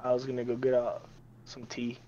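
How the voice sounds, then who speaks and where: Brief: young player, mid-range voice, dry and profane. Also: male voice, medium pitch, fairly quick, lo-fi sound, a crowd in the background. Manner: blunt, profane, deadpan retorts. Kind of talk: casual tabletop game chat.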